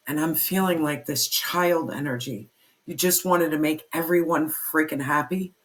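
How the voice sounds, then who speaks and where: A tarot reader giving an intense, emphatic spoken reading, swearing freely and repeating phrases for emphasis. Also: medium pitch. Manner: fiery, pep-talk delivery.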